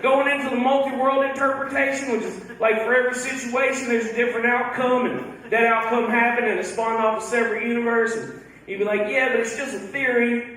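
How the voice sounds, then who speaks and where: A man from Georgia with a Southern accent, performing a stand-up comedy set with deadpan punchlines. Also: extremely high pitch, fairly quick. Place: comedy club stage. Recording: echoey club from a distance, audible noise. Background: audience laughter.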